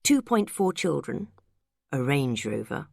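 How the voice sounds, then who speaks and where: A woman's voice: a bass voice, unhurried, gravelly, no echo, exaggerated voice. A woman reading a wry, self-mocking friend. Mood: wry amused. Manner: dry, self-mocking, relaxed. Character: wry, worldly woman friend, tipsy storyteller.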